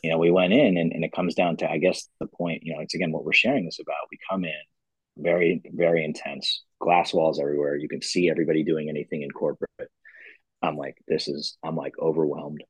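A man's voice: a bass voice, level tone, quick pace, husky, dry recording, poor audio. A man who founded a company, telling his story in a casual interview, rambling and earnest with lots of "you know" fillers. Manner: earnest and reflective. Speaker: company founder, podcast guest.

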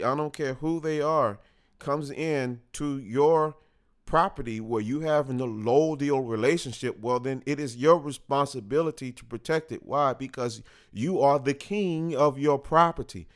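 A slow, measured man talks through his ideas on his own show. His voice is smooth and clear at an ordinary middle pitch, and he often stops to rephrase or correct himself. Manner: slow and deliberate, with restarts and small self-corrections. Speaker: host. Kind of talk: unscripted monologue talk.

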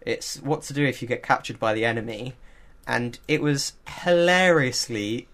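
A man co-hosting a casual podcast chat, telling a story with lots of fillers and quick laughs. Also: medium pitch, expressive, a bit bright. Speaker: podcast co-host.

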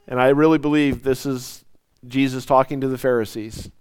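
A man preaching a sermon, swinging from loud, soaring lines down to near whispers. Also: medium pitch, steady tone, fairly quick, smooth, no echo. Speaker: pastor.

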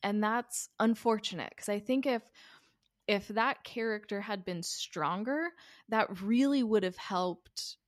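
A woman's voice: medium pitch, measured pace, dry recording, studio quality. A woman co-hosting a podcast, chatting casually about a film, hedging her opinions and laughing at herself. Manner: hedging, self-deprecating, laughs often. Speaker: podcast co-host. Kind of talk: casual film review chat.

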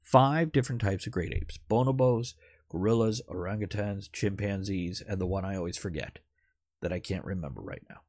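A man's voice: deep voice, normal speed, a little mellow, dry recording, studio quality. A man hosting a podcast in casual, rambling chat who swears now and then. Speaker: podcast host.

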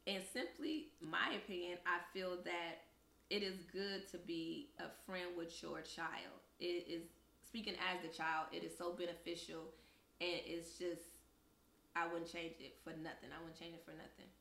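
A woman's voice: fairly low pitch, moderate pace, creaky, reverberant. A young woman co-hosting a podcast, telling a story in casual chat and acting out the voices of the people in it. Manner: animated storyteller, acts out quoted voices. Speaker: podcast co-host.

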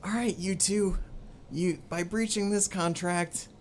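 A woman voicing a gruff, fussy male dwarf official who sputters out accusations, with faint noise behind. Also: lowish voice, fairly even intonation, measured pace, close to an everyday voice. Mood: stern.

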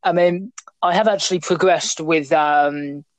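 Her voice sits low and moves a little slowly, with no room sound, as this young British podcast host speaks with a British English accent. Her casual chat is rambling and jokey, full of fillers and restarts.

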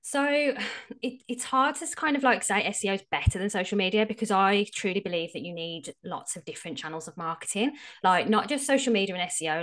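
A woman's voice: on the low side, fairly bright tone. An Australian woman, a guest strategist, explaining things frankly and casually in a podcast interview. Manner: explanatory, frank, with frequent fillers.

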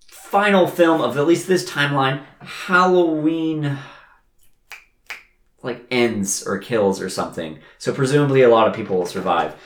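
A man co-hosting a casual movie review podcast, rattling off sarcastic plot recaps with quick put-on quotes. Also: mid-range voice, echoey room. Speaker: podcast co-host.

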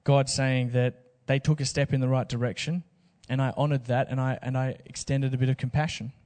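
A man preaching a sermon. He talks casually and jokes with slang asides, in a voice of ordinary pitch for a man. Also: flat delivery, brisk, a little mellow, long reverb tail. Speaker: pastor.

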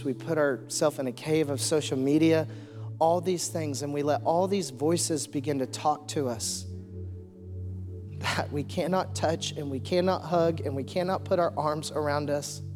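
A man preaching a sermon into a stage microphone, fervent and building to loud declarations. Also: fairly high pitch, fairly even intonation, a little slow. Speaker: pastor. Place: large church hall. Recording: long hall reverb, faint music.

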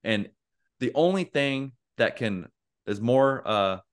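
A man's voice: mid-range voice, lively intonation, takes it slowly, smooth. A young man co-hosting a podcast in casual chat, earnest and rambling with lots of fillers. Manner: acts out angry quotes in a raised voice. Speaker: podcast co-host.

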